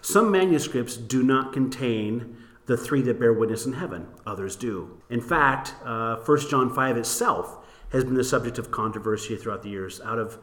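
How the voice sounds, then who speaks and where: A man co-hosting a casual Bible discussion show, joking and laughing often, with bursts of fast talk. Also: mid-range voice, fairly bright tone, reverberant. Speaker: podcast co-host.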